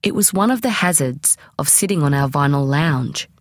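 A woman reading a memoir aloud as an audiobook, in a measured, expressive way. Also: low-pitched, no room sound, studio quality. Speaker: audiobook reader. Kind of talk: audiobook narration.

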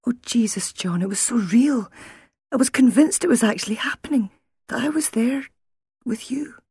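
A woman reading an audiobook, voicing a frightened young wife with a hoarse, shaky, breathless voice, raised in pitch and sometimes whispered. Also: normal speed, mellow, dry recording, clean studio sound. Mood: fearful. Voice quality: hoarse, strained. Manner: shaky, breathless, near tears.

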